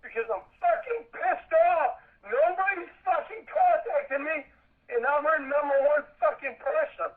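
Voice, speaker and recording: Man, yelling and cursing, very high-pitched, dull lo-fi recording. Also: animated, normal speed. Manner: yelling angrily, swearing heavily. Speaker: caller. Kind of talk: heated phone argument. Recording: dull lo-fi sound.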